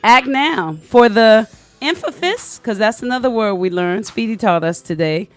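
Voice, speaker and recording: A woman's voice: a little high, lively intonation, normal speed, a little hiss or hum. Co-host, woman; playful recap delivered as a mock news report. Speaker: podcast co-host. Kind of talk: recap of show highlights.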